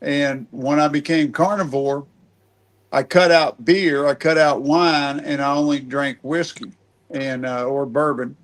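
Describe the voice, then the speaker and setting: A man's voice: fairly high pitch, fairly even intonation, a little slow. A middle-aged man hosting a casual podcast chat, speaking in a rambling, folksy way and often restarting his sentences. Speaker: podcast host.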